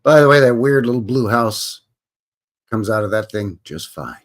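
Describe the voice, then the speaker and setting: A man's voice: mid-range voice, animated, normal speed. A man with a Canadian accent, hosting a livestream in a rambling, chatty way and often correcting himself. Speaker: host. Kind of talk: casual livestream commentary.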